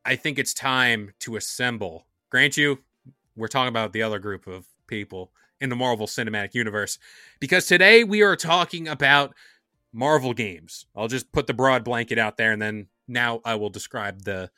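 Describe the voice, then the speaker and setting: A man hosts a laid-back gaming podcast in an upbeat, playful way. His voice is very bright and smooth, recorded close and dry with no room sound. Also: mid-range voice, no room sound, faint music behind. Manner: upbeat, playful, quick asides. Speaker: podcast host. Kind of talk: casual gaming podcast chat.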